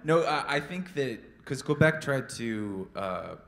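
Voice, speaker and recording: A man's voice: medium pitch, lively intonation, unhurried, fairly bright tone, roomy sound. A man co-hosting a live podcast on stage, rambling and teasing, playing to the audience. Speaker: podcast co-host. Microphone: handheld mic.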